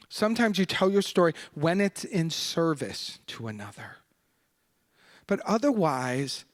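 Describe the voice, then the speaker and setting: A man giving a Sunday sermon to a congregation, swinging between hushed, soft passages and loud, emphatic bursts. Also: fairly high pitch. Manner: candid, laughing at his own anecdote. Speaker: guest minister. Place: spiritual center congregation.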